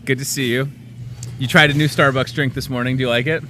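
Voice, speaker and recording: A man from the Chicago area hosts a live daily talk show, joking around in casual chat with his guests in a jokey, playful, animated manner. His voice is mid-range and his pace quick.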